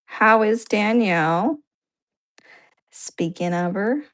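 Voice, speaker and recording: Slow-talking woman in teasing chat. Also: mid-range voice, fairly bright tone. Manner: unhurried, teasing, easily amused. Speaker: co-host. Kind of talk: casual chat.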